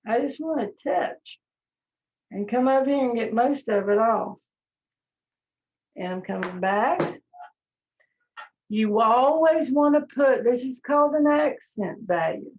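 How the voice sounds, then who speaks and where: A woman leads a live painting lesson, explaining each brushstroke in a gentle, unhurried way. Her voice sits a little high, and she speaks quite slowly. The audio is dull and lo-fi. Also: slight background noise. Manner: slow, gentle step-by-step instruction. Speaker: painting teacher.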